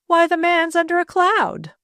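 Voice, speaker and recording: A woman's voice: on the high side, sing-song, a little slow, dry recording, pitched above the performer's own voice. A woman playing a proud, indignant society matron in a storybook: a lifted, emphatic voice, haughty to the core. The reading sounds dry and close.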